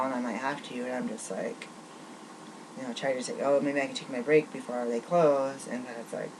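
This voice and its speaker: A woman's voice: a bass voice, noisy background. A woman venting in a rambling vlog monologue, riled up and angry, tripping over restarts as she talks. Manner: rambling, agitated ranting with many restarts. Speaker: vlogger.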